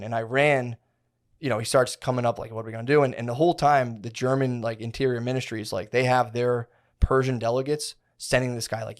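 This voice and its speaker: A man's voice: mid-range voice, fairly even intonation, fairly quick. A young man chatting on a podcast, rambling through a story full of "like" and restarts and quoting people in a bro voice. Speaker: podcast co-host. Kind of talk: casual podcast chat, rambling history retelling.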